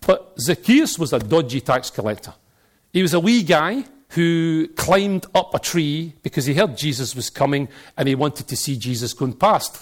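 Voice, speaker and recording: A middle-aged man with a Glaswegian accent preaching a sermon, telling animated stories and jokes and now and then breaking into shouts. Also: fairly high pitch, moderate pace.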